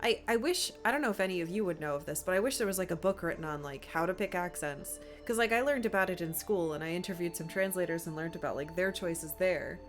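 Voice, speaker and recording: A woman's voice: lowish voice, fast, hardly any pauses. A young woman from Appalachia chatting while streaming a game, rambling with lots of fillers. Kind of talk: casual gameplay commentary. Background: faint game music.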